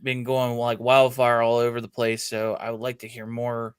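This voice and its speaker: An easygoing man in a casual podcast chat, pausing with many fillers. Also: medium pitch, monotone, clear, resonant tone, no echo, clean studio sound. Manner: easygoing, halting with many uhs and likes. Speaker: podcast co-host.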